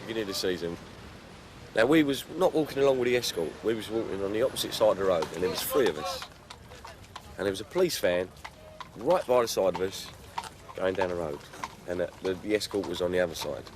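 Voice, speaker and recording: A football supporter telling blunt stories and acting out what others said. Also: male voice, deep voice, animated, fast. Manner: blunt, storytelling, acts out quotes. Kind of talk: telling an anecdote in an interview. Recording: street noise outdoors.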